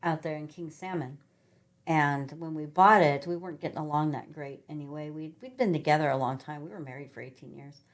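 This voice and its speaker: A middle-aged woman from Sacramento, a podcast guest, telling rambling, animated travel stories in a casual chat with lots of ums. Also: deep voice, brisk. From Sacramento, California. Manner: rambling, animated travel anecdotes with many fillers. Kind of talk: casual conversational storytelling.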